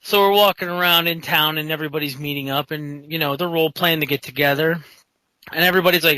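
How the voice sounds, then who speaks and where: A man with a high, very bright voice tells stories in a relaxed conversation and slips into quoted voices as he goes. The sound is dry and close to the mic, with no room around it. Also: fast talker, no room sound, poor audio. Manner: animated anecdote-teller who acts out quotes. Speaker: guest in a casual tabletop-gaming chat. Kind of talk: casual storytelling chat.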